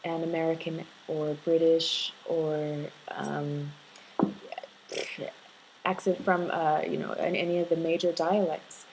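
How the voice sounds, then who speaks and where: A woman's voice: low voice, flat delivery, takes it slowly, a little mellow, a little hiss or hum, rough recording. A middle-aged woman giving accent tips in a casual video reply, hesitant with many ums and uhs, patiently explaining.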